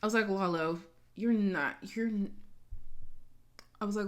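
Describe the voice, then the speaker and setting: A woman hosts a reaction video, chatting casually about what she just watched. She talks in an excitable, dramatic way and keeps repeating her exclamations. Her pitch sits at an everyday middle level. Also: unhurried.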